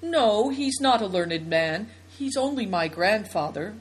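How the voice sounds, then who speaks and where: A woman reading the part of a thoughtful young boy who speaks in a measured, firm way, in a storybook. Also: mid-range voice, lively intonation, breathy edge.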